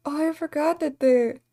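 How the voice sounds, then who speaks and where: Her high-pitched voice has a dark tone as she streams a game, chatting casually and wandering from topic to topic. She laughs often along the way.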